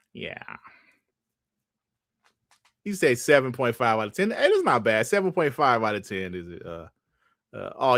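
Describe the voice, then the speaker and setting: A man's voice: mid-range voice, a bit bright, dry recording. A man hosting a casual livestream chat, rambling in slang and laughing often into a close mic. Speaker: host.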